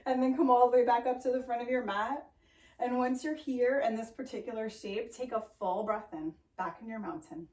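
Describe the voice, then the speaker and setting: A woman teaching a yoga class, giving calm, steady breath cues with playful sounds. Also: on the high side, normal speed. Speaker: yoga instructor. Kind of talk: guided yoga class cueing. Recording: roomy echo, voice from a distance off the mic.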